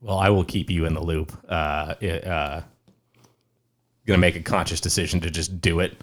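Very deep-voiced male podcast host. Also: steady tone, moderate pace. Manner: laid-back, swears casually, trails off softly. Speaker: podcast host, police officer. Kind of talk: casual podcast chat.

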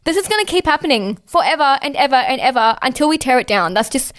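A woman's voice: high voice, lively intonation, fast talker, a bit bright. A woman co-hosting a casual political discussion, talking in an impassioned way, swearing often and saying "like" a lot.

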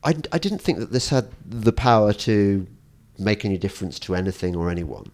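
A man hosting a podcast interview, talking in an animated way with frequent restarts and teasing asides. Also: on the low side, a little fast. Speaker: podcast host. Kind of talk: conversational interview.

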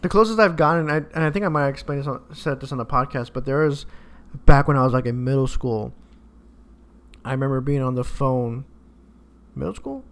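A man shares a memory on a podcast in a loose, rambling way, often pausing and restarting. His pitch sits in the middle range, and his tone is relaxed and conversational. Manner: rambling, halting anecdotes. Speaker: podcast co-host. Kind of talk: casual chat.

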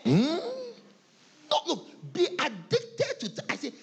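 A man's voice: very high-pitched, wildly swooping pitch, slow pace, vocal fry. A man with a Ghanaian English accent, preaching as a pastor, acting out church members' excuses and laughing often. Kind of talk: sermon.

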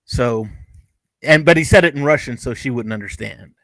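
A man's voice: mid-range voice, normal speed, fairly bright tone, no echo. Man co-hosting a show review, loose chat, lots of tangents, dry mic. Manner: rambling, chatty, with frequent restarts and asides. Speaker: podcast co-host reviewing TV episodes.

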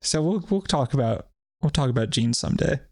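A man chatting on a podcast in a loose, rambling way, swearing freely and sounding sardonic. His voice is even and mid-pitched. It sounds dry and close, with no room around it. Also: a little fast, dry recording. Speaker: podcast co-host. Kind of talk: casual podcast chat.

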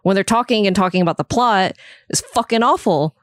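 A woman's voice: mid-range voice, a little fast, fairly bright tone. A woman co-hosting a casual podcast chat, talking bluntly and swearing freely. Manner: blunt, swears, laughs often. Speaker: podcast co-host. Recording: dry close mic, webcam call.

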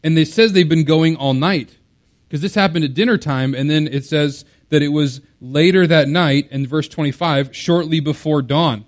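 A man's voice: on the high side, normal speed. Conversational male pastor preaching. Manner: conversational, explanatory, with verbal fillers. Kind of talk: sermon.

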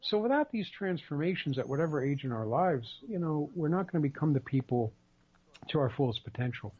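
A man's voice: fairly high pitch, animated, brisk, husky, lo-fi sound. A man co-hosting a casual podcast, speaking in an emphatic, rambling way with many repeated words. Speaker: podcast co-host.

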